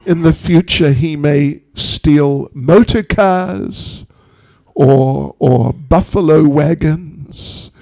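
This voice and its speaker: A man tells a devotional story slowly and unhurriedly, his fairly high voice carrying a gravelly, creaky grain. He speaks as a spiritual teacher, tossing humorous, chatty asides to his listeners. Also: warm tone.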